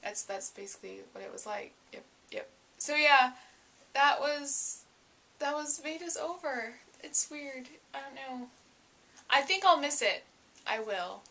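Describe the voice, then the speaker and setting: Bright, chatty young woman vlogger. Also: sits high, animated, measured pace. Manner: chatty, self-mocking, dramatic bursts. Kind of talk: casual vlog chat.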